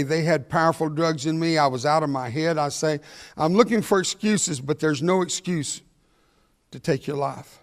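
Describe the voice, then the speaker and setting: Older guy giving a talk, quick and jokey, voice sits kinda high. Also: big-room sound. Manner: energetic, joking, fast-talking. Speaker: motivational speaker. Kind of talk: humorous storytelling speech. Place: large hall before an audience.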